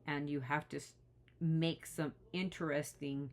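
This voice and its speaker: A woman's voice: low-pitched, steady tone, a little slow. A woman talking straight to the camera in an impassioned vlog, indignant and pleading, often restarting her sentences. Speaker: vlogger.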